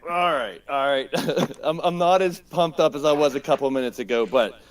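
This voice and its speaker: A man's voice: on the high side, normal speed. A man ranting with energy as a guest on a casual podcast, swearing and repeating himself for emphasis. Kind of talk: fired-up podcast rant.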